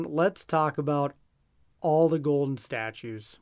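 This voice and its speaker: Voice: medium pitch, animated, normal speed. Upbeat teasing podcast co-host. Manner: teasing, upbeat list-reading. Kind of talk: casual chat.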